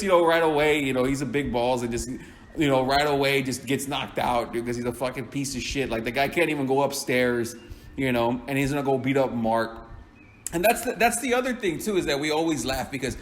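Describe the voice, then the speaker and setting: A man's voice: mid-range voice, a little fast. A man telling a story in a casual, rambling way, swearing and laughing often.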